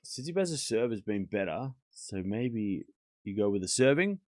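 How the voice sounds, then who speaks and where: A man's voice: fairly low pitch, very animated, normal speed, a little mellow, no echo, clean studio sound. A man on a live stream, calling tennis points and chatting and teasing with his chat. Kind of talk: casual live-stream commentary.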